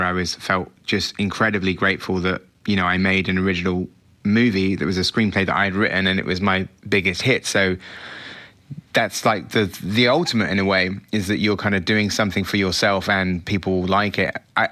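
A man's voice: deep voice, fairly even intonation, a little fast, sharp tone. A middle-aged British man, a film director, answering interview questions in a chatty, reflective way with frequent restarts.

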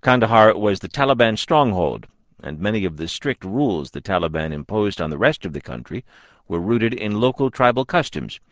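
Man, news anchor, very low voice, lively pitch, dead dry studio. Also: dry recording, muffled recording. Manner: deliberate, authoritative anchor delivery. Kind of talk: scripted news introduction.

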